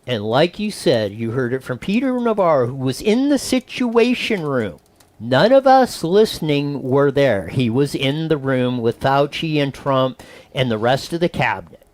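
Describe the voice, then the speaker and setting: A man hosting talk radio, delivering opinionated commentary in a rambling, restart-heavy way. His pitch swoops lively up and down. The sound is dry and close-miked. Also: unhurried, no echo. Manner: animated, wandering, with frequent restarts and acted-out quotes. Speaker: radio talk show host.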